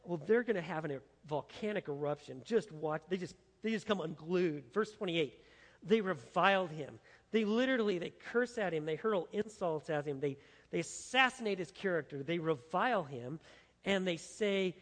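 A man's voice: high-pitched, lively intonation, normal speed, in a large hall. A man preaching an expository sermon in an emphatic, dramatic way. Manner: emphatic, dramatic, acts out the quotes. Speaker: pastor.

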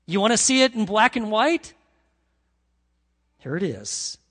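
A man preaching a sermon as pastor, emphatic and animated, reading scripture dramatically. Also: high-pitched, a little slow, big-room sound.

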